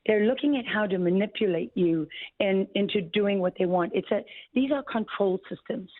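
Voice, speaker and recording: A mid-pitched woman who is a guest on talk radio makes her case with urgent emphasis. Her voice comes over a narrow, phone-like line with a dry, close sound. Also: moderate pace, dry recording. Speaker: guest journalist.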